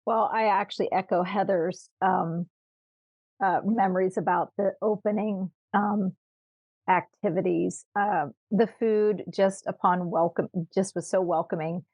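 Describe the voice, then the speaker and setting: A woman guest in a casual interview, speaking in a measured, thoughtful way with pauses. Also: mid-range voice, steady tone, no echo, lo-fi sound. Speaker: guest, retreat attendee.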